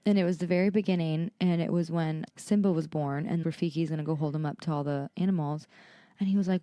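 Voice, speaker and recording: A young adult woman co-hosting a podcast, chatting casually and telling animated stories about her toddler. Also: on the low side, fast, no room sound. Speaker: podcast co-host. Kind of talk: casual chat.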